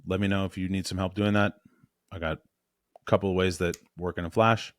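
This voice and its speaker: A man coaching on voice and presence in a blunt, animated, casual way, correcting himself as he goes. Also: sits low, fairly quick, no room sound.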